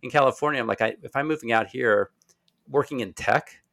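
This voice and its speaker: A man from Louisville talks in a bright, forward voice with a mostly neutral accent and a faint Southern trace. He chats animatedly and circles back over his words as he tells stories. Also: medium pitch, a little fast, creaky. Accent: mostly neutral American, faint Southern. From Louisville, Kentucky. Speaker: podcast guest. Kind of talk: casual chat.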